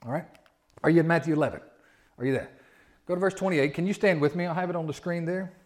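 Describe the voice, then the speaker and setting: Folksy preacher man, slightly high voice. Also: quick pace. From Southern United States. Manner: folksy, repeats words, preaches with rising emphasis. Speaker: pastor. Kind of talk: sermon.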